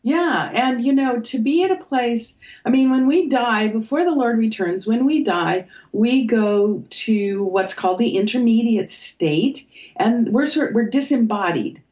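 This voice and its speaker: An older woman, an author and podcast guest, talking reflectively and pausing with fillers as she thinks. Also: fairly high pitch, expressive, poor audio. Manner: thoughtful, hesitant, with fillers and soft laughs. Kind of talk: reflective conversation.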